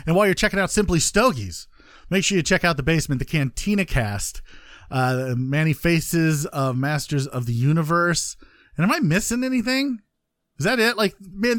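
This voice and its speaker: A man's voice: a little high, dry recording, clean studio sound. A man hosting a casual gaming podcast, joking and rambling with lots of fillers. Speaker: podcast host.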